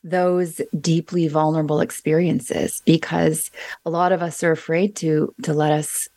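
A woman hosting a podcast, her voice low and full of vocal fry. She is recorded close and dry, without room echo, and speaks in a supportive, reflective way. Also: little pitch movement, measured pace. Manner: supportive, with frequent quiet backchannels. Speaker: podcast host. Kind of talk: conversational interview.

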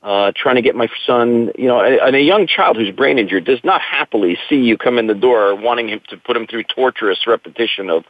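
A man's voice: medium pitch, expressive, fairly quick, few pauses, no room sound. A middle-aged man, a guest in an interview, telling his own story in an earnest, reflective way. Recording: tinny dry phone line.

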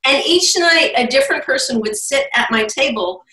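A woman's voice: high voice, lively intonation, normal speed, pushed and bright. Upbeat woman storyteller, distant and roomy. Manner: enthusiastic storyteller, laughs often. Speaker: guest, life coach. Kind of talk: conversational interview.

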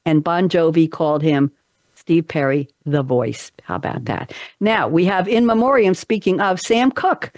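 A woman hosting a talk show in casual chat, upbeat and chatty, reading out trivia with quick asides. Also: lowish voice, animated, darkish tone, no echo, studio quality.

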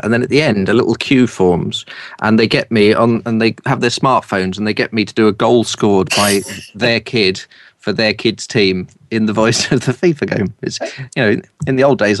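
A middle-aged English man with a low voice and a polished southern English accent, talking as an interview guest. He tells anecdotes in a lively way and laughs easily. His voice sounds close and dry, with little room around it. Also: no room sound. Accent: standard southern English. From East London, England. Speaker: guest, broadcaster and speaker coach.

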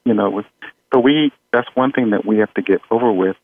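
A man's voice: fairly low pitch, a little fast, no room sound. Man on a tinny call line. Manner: relaxed, chuckling, many fillers. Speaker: audio engineer guest. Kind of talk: conversational interview.

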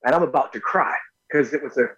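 A man from North Carolina, an actor interviewed as a guest, telling animated personal stories and often repeating words. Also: mid-range voice, quick pace, breathy edge, dull audio. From North Carolina, USA. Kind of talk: casual storytelling interview.

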